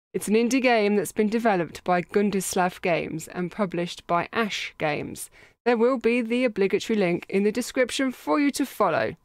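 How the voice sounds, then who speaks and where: A woman's voice: mid-range voice, no echo, studio quality. A woman hosting a game playthrough, chatting to viewers with playful, self-mocking asides. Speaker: gaming channel host. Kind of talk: let's play commentary.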